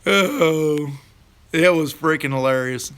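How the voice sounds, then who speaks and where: A man's voice: a little high, slow pace, fairly bright tone, clean tone. A middle-aged man hosts a casual live stream, chatting folksily with viewers and laughing easily.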